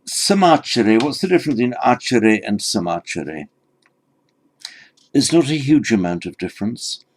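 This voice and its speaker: A man's voice: lowish voice, expressive, normal speed. A man lecturing on the meaning of old scripture, explaining word by word in a thoughtful way with frequent restarts. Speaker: teacher. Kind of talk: textual lecture on Pali scripture.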